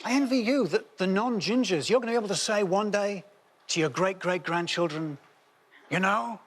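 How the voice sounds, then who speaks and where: A man's voice: sits high, fairly quick. A man doing a wry, self-mocking stand-up routine in a TV studio. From half Scottish. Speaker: comedian panellist. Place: TV studio with audience. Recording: studio audience laughter and noise.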